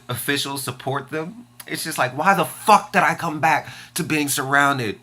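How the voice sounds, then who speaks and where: Bright-voiced man venting in frustration. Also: fairly high pitch, normal speed, hardly any pauses. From Washington, D.C. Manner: profane and frustrated, venting bluntly. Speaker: vlogger. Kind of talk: angry personal vlog rant.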